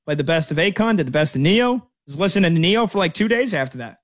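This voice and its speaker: A man in his thirties hosts a sports talk radio show. His voice sits a little high, and he chats loosely and tells stories, often poking fun at himself. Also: lively intonation, fast talker. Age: 30s. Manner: chatty, storytelling, self-deprecating.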